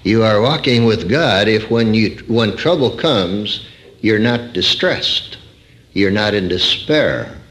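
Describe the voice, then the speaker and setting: A man's voice: on the low side, animated, slow, a bit bright. An older man preaching a sermon, quoting scripture and telling a story with rising emphasis.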